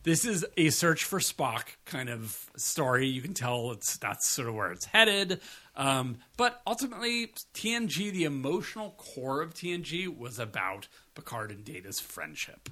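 Chatty man with a bright voice. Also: mid-range voice, big pitch swings, moderate pace. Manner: chatty and rambling, casual swearing. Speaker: podcast co-host. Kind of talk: casual review chat.

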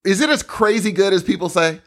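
Excitable man with a lively voice. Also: high-pitched, a little fast. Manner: animated, excitable, says "dude" a lot. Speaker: podcast co-host. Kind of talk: casual chat.

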